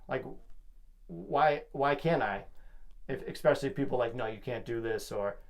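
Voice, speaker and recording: A man's voice: mid-range voice, a little mellow. A young man hosting his own podcast alone, rambling and joking as he hypes himself up. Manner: rambling, jokey, self-hyping. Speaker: podcast host. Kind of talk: casual solo podcast monologue.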